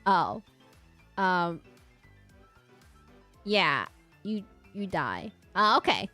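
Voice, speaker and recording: A woman VTuber streamer in casual chat while she draws, rambling and breaking off her own sentences, sometimes dropping to a quiet mutter. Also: fairly low pitch, very animated, extremely slow, no room sound, faint music behind. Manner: rambling and self-interrupting, often laughing.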